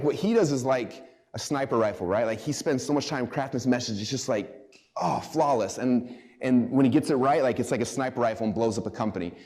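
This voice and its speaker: Brief: rapid-fire male seminar speaker, mid-pitched, excitable and chatty, talking directly to a small audience. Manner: excited, casual, heavy use of "like". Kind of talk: live seminar talk to a small group. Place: live event room.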